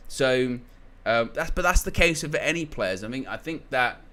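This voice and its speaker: A man's voice: mid-range voice, lively intonation, moderate pace, pushed and bright. A young man hosting a football channel, giving casual opinion commentary in a rambling way, restarting phrases often and leaning on filler words.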